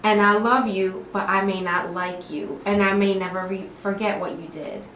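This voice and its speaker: A woman's voice: mid-range voice, normal speed, roomy sound, slight background noise, low-quality recording. A middle-aged woman of Puerto Rican and Dominican background, a talkative author guest speaking about faith and forgiveness in an interview. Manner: animated, talkative, preachy. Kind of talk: faith-based interview conversation.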